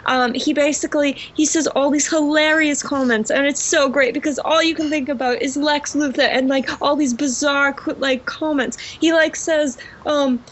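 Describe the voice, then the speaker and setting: Girl faking an english accent, high pitched, gushy and giggly, kinda muffled recording. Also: fairly even intonation, moderate pace, hardly any pauses, slight background noise. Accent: put-on English. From Russia. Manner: gushing, giggly, many fillers. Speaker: podcast guest, cosplayer. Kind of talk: casual podcast chat.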